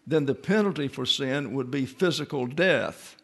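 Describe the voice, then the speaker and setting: A man's voice: medium pitch, moderate pace, vocal fry, hardly any pauses, a bit bright, husky. A man teaching a Bible lesson in sermon style, reading scripture and reference texts aloud and explaining them step by step.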